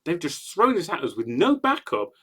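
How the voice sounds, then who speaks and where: A podcast co-host talking casually about an episode, emphatic and at times softly reflective. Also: mid-range voice, huge pitch swings, normal speed, husky. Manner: emphatic, then soft and reflective. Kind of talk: casual chat discussing an episode.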